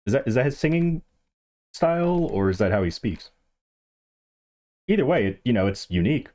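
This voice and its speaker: A man's voice: medium pitch, moderate pace. A man streaming a game, chatting casually and animatedly to the players with him. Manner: animated, yelps and laughs, chats to other players.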